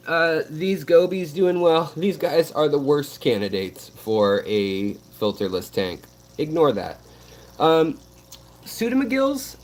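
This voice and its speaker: An American man hosts a fishkeeping live stream beside his aquarium tanks, rambling through viewer messages with plenty of ums and restarts. His voice is mid-range and fairly bright, with slight background noise.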